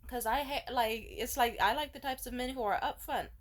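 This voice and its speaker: A woman's voice: on the high side, brisk, slight background noise. A young woman vlogger telling a dating story, blunt and profane, with sarcastic laughing asides. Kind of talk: casual storytime rant.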